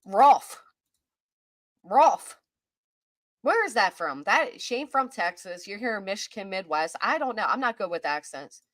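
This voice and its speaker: A woman with a Kentucky accent chats through a livestream at an everyday pitch, stopping often to greet viewers by name. The room is small and dry, with the voice sitting close. She rambles, second-guesses herself and circles back to her point. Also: big pitch swings, brisk, hardly any pauses, bright, forceful tone, no room sound. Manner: chatty, greets chat viewers by name between thoughts. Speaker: host of a live-stream chat show. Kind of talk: casual live-stream commentary.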